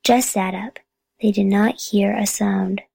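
A woman narrating a children's chapter book in a calm, steady reading voice. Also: medium pitch, takes it slowly, gravelly, slightly rough, no echo, low-quality recording. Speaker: audiobook reader. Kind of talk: storybook narration.

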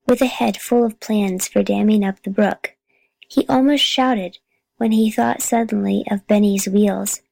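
A woman narrating a children's chapter book in a calm, steady reading voice. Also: mid-range voice, creaky, no room sound, rough recording. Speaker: audiobook reader. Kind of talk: storybook narration.

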